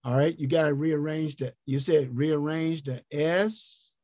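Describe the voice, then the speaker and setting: A man teaching a health ministry group over an online call, slowly spelling out and repeating words as he invites answers. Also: fairly high pitch, mellow, dry recording, studio quality. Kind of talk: interactive online teaching talk.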